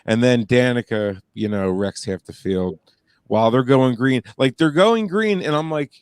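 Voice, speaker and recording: A man's voice: medium pitch, moderate pace, darkish tone, clean tone, no echo. A man co-hosting a podcast in casual chat, telling stories in a rambling way with many fillers and restarts. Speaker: podcast co-host.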